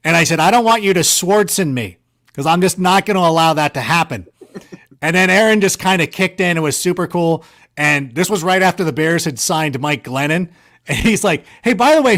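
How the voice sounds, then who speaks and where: A man being interviewed, casually rambling through stories in an animated, self-correcting way with a sarcastic streak. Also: a little high. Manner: sarcastic banter. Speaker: guest. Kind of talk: casual storytelling.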